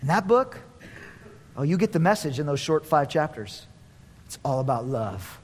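A man preaching a sermon as pastor, animated, acting out quotes in voices and laughing often. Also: fairly high pitch, normal speed, slightly rough. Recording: long reverb of a large hall.

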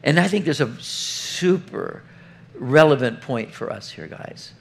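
A middle-aged man preaching an earnest, conversational sermon, often putting questions straight to the congregation. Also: mid-range voice. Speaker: pastor.

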